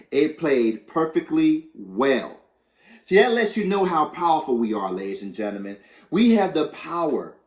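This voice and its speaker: Man coaching viewers in an echoey room. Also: a little high. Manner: conversational, repeats phrases, many fillers. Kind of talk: teaching talk to viewers.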